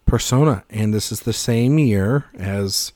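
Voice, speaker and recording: A man's voice: lowish voice, measured pace, warm tone, no echo. A man co-hosting a casual film podcast, rambling through jokes and tangents, swearing freely and laughing mid-sentence. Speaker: podcast co-host.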